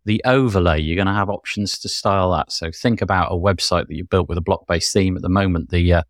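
An enthusiastic man hosts a casual tech news podcast, his voice sitting fairly low. He rambles eagerly from item to item. The sound is dry and close. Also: quick pace, dry recording. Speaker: podcast host.

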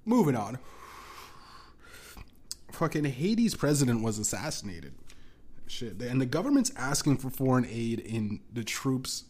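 A man's voice: mid-range voice, sing-song, a little slow, pauses often, darkish tone. A young man hosting a solo podcast, ranting casually with lots of swearing, restarts and laughing asides. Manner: profane, rambling, laughing asides.

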